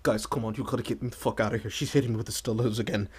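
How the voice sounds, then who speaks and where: A woman doing a low, mumbling frightened man. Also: steady tone, very fast, darkish tone, husky. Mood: panicky. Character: frightened man pleading with friends, impression of a celebrity.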